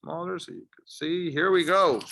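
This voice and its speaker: A man teaching an English lesson, encouraging and drilling words clearly for learners to repeat. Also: on the high side, normal speed, pushed and bright. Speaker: ESL teacher. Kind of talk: slow, deliberate English lesson.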